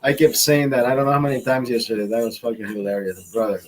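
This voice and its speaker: A man's voice: medium pitch, fast. A man hosting a casual livestream, chatting with viewers in a rambling, profane and giggly way. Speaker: livestream host.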